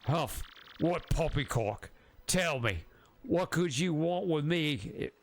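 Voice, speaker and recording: A man voicing a gruff old retired male sailor who speaks in a prim, stiff manner. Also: on the high side, expressive, slow pace, voice pushed up, heavily acted.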